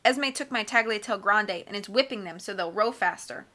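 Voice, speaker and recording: A woman's voice: mid-range voice, a little fast, pushed and bright. A woman voicing a menacing hook-handed henchman who gives curt commands in an audiobook.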